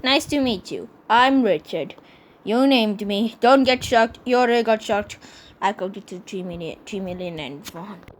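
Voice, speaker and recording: A woman voicing a gloomy young male talking cat in a plush puppet movie, mumbling in a low, flat voice. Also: unhurried, natural voice.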